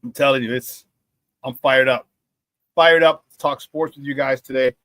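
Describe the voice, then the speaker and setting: With a medium pitch and normal speed, this man hosts a casual sports talk radio show, recorded with no room sound. He's from around Chicago, reads the live chat aloud, repeats himself, and laughs often in an animated manner.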